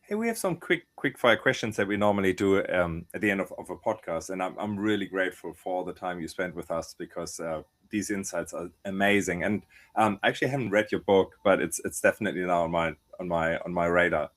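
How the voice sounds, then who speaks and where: A man's voice: low voice, brisk, few pauses. A man hosting a podcast, chatting casually with a hesitant delivery full of fillers and repeated words. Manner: warm-hearted, hesitant, many fillers and repeats. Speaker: podcast host. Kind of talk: casual interview chat.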